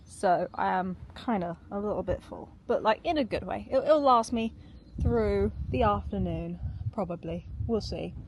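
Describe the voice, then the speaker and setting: A woman's voice: mid-range voice, lively intonation, moderate pace, darkish tone, roomy sound, a little hiss or hum. A woman vlogging casually while she cooks at home, chatty and full of "like", laughing often. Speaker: food vlogger. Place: home kitchen.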